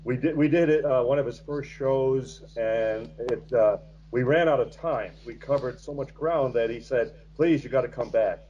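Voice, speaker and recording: An American man in his sixties speaks as an interview guest, telling his story slowly and thoughtfully, with many small hesitations. His voice sits at a middling pitch. The audio sounds dull and lo-fi. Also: mellow, a little hiss or hum. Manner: measured, reflective storytelling with frequent hesitations. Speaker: guest author. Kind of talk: interview conversation.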